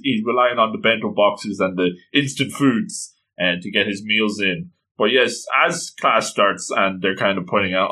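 A man's voice: lowish voice, sharp tone, rough recording. A man casually recapping an anime episode with enthusiastic, gushing commentary. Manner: enthusiastic, gushing, acts out quotes.

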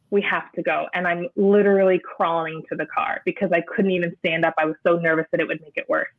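A woman, an interview guest, recounting a personal experience in a halting way, often restarting as she searches for words. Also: fairly low pitch. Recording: narrow phone-like sound.

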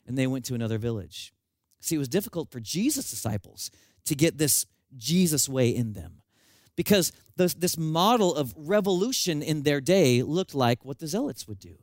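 A man preaching a sermon with animated storytelling and self-mocking humor. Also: a little high, normal speed, dry recording. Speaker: pastor.

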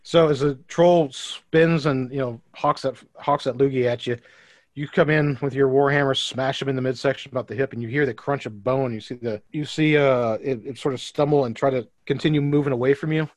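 A man's voice: medium pitch, fairly even intonation, brisk, darkish tone, no echo. Man narrating as game master. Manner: descriptive, many fillers.

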